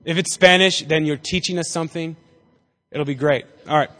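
A man's voice: fairly high pitch, normal speed, a bit bright. Chatty man teaching in a big hall. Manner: chatty and jokey, acting out voices in the story. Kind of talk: casual Bible teaching to a group. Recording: reverberant hall.

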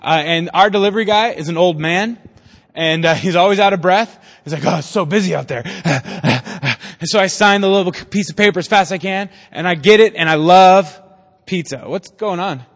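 A young man with a bright, high voice gives a laid-back, joking sermon, tossing questions out to the crowd. His words ring out with a long hall reverb around them. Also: normal speed. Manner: chatty, jokey, quizzes the audience. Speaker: preacher. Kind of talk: casual joking sermon to a youth group.

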